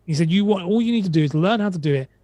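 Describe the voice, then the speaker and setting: A man's voice: sits high, lively intonation, racing, dark tone, no room sound. A man on a podcast who chats casually, rambling and retelling quotes with many restarts. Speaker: podcast guest. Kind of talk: casual conversation.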